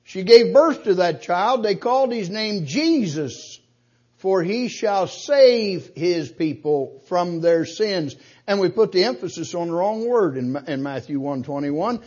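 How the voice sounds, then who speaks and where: High-voiced husky preacher, lo-fi. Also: male voice, big pitch swings, darkish tone. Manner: emphatic preaching, slows and rises to quote scripture. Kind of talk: sermon.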